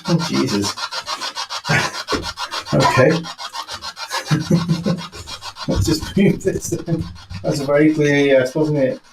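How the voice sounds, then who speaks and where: A man running a live ghost hunt in an old building at night, calling out questions to the spirits in a half-hushed voice. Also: on the high side, fairly even intonation, normal speed, creaky. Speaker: ghost hunter. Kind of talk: live paranormal investigation. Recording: roomy echo.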